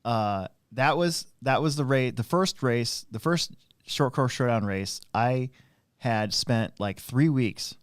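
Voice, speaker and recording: Speaking slowly in a clear, resonant mid-range voice, this host and RC track operator wanders through racing anecdotes on a casual live stream. He leans on fillers and often starts over. The recording is dry and studio-clean.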